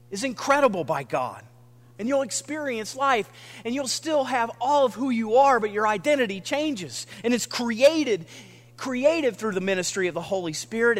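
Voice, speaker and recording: A man preaching a sermon with earnest, dramatic pauses, sometimes dropping almost to a whisper. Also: extremely high pitch, fairly bright tone, big-room sound. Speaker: pastor.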